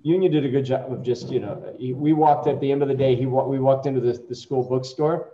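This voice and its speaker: A middle-aged man, a company chief, chatting casually before a software demo and telling rambling stories that break off and restart. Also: mid-range voice, fairly even intonation, quick pace, slight background noise. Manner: rambling, self-interrupting storytelling. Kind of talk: casual chat. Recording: echoey, dull lo-fi room sound.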